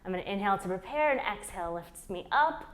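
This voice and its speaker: A fitness instructor leads a beginner plank workout, counting down holds aloud and coaching form while doing the moves herself. Her medium-pitched voice is animated, a bit bright, and fast. She sounds strained on the hard holds and shakes from the effort.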